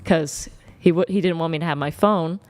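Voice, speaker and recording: A young woman from Oklahoma recounts a story in a blunt, animated way, swearing freely. Her voice is smooth and clear. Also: low-pitched, normal speed. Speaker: dating show guest.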